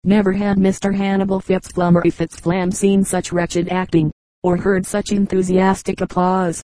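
A woman narrates a comic story for an audiobook. Her voice is mellow and warm, and the recording is close and dry, with no room sound. She reads briskly and changes into the quoted characters' lines as they come. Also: medium pitch, flat delivery, dry recording, low-quality recording. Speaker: audiobook reader.

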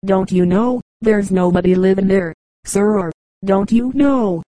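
A woman voicing a sour, peevish elderly neighbor who scolds through a window in a shrill, nagging voice, in an audiobook reading. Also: unhurried, dark tone, dry recording, natural voice, low-quality recording. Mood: peevish scolding. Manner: scolding, repeats "don't you know".

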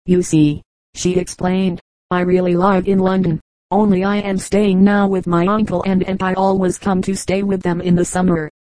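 A woman's voice: lowish voice, little pitch movement, moderate pace, mellow, no room sound, close to an everyday voice, rough recording. A woman reading the lines of a polite, eager young girl who speaks in an earnest, well-spoken way.

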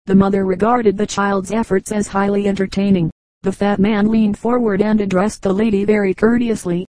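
A woman narrates a book of short jokes in a measured, even reading. Her voice is mellow and warm at a middling pitch, recorded close and dry with no room around it. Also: dry recording, poor audio. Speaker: audiobook reader. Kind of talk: scripted narration.

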